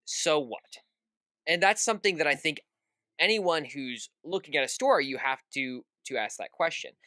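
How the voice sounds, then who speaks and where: A man's voice: medium pitch, pushed and bright, clean tone, no echo. A young man co-hosting a podcast, chatting casually about a film and acting out quoted reactions. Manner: acts out quoted reactions, lots of "at the end of the day". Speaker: podcast co-host. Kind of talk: casual film review chat.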